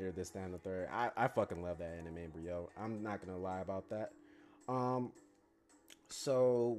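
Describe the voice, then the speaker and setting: A man's voice: low-pitched, darkish tone. A young man giving a casual, rambling, profane review, blunt and full of fillers. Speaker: anime reviewer.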